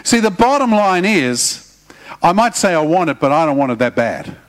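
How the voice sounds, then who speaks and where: A man's voice: a little high, sing-song, moderate pace. A middle-aged man, preaching a sermon in a conversational way with humorous asides. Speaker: pastor.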